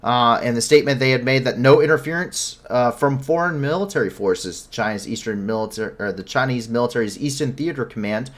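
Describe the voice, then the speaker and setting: A man hosting a live news show, giving commentary with frequent self-corrections and blunt, incredulous asides. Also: mid-range voice.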